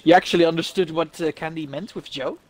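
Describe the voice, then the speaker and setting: Higher-voiced man chatting about a game. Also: steady tone, quick pace. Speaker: friend on stream. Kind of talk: casual gaming chat.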